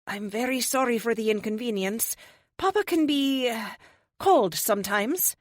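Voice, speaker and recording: A woman's voice: a little high, expressive, measured pace, no room sound, studio quality, pitched above the performer's own voice. Woman voicing a polite, wary young woman. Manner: polite, a little flustered.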